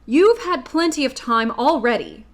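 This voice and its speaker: A woman reading a storybook aloud voices a male man of tin who wants a heart, speaking loud and indignant. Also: high-pitched, lively intonation, normal speed, pitched above the performer's own voice.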